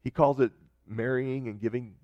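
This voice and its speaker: A man's voice: mid-range voice, steady tone, moderate pace, no room sound. Male pastor preaching conversationally, dull dry sound. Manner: conversational preaching with restarts and scripture reading. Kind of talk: sermon.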